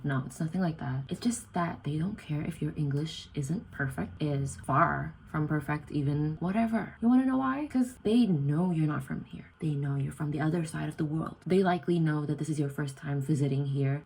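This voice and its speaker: A young Indonesian woman, an exchange student and vlogger, chats casually to camera in her student room at night. Her voice is mellow with vocal fry and a breathy edge, and the recording is rough. She's chatty and self-deprecating, acting out quoted lines in a higher voice.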